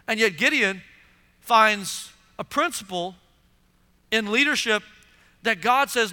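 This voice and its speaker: A man's voice: sits high, slow pace, long pauses, clear, resonant tone. A man preaching a sermon in a church and acting out the voices of onlookers. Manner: animated preaching, acts out voices of listeners. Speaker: pastor. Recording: long hall reverb.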